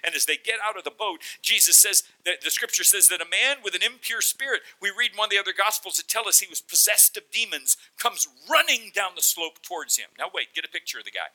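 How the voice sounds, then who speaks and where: Male pastor, sermon, lively storytelling, very bright tone, slightly high. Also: fast, hardly any pauses, low-quality recording. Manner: animated storyteller, acts out voices.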